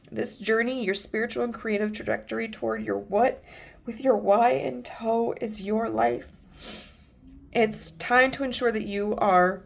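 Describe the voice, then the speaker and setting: A woman's voice: mid-range voice, creaky. Earnest woman giving a tarot reading. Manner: gentle, earnest, with frequent fillers and restarts. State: emotional, near tears. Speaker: tarot reader. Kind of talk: pick-a-card tarot reading.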